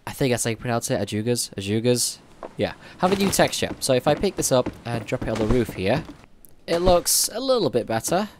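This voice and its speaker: A man's voice: on the low side, a little hiss or hum. A man giving casual gameplay commentary on a survival game update, thinking aloud as he plays. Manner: chatty, thinking aloud while playing. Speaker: gaming YouTuber.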